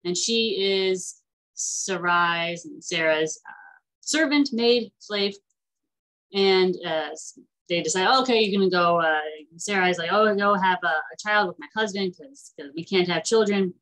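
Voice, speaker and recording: A woman teaching an online class in a chatty, animated way, acting out the characters as she retells stories. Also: lowish voice, a little slow, rough recording.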